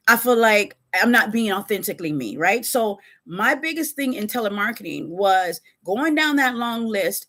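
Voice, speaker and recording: A woman talking casually on a live stream, animated and conversational, speaking straight to her viewers with a Californian American accent. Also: on the high side. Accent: Californian American English. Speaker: webcam model giving advice on a live stream.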